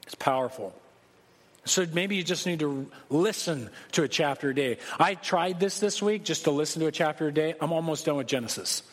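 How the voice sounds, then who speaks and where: Pastor, man, high voice, casual joking sermon, long hall reverb. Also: brisk. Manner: conversational, joking, emphatic preaching.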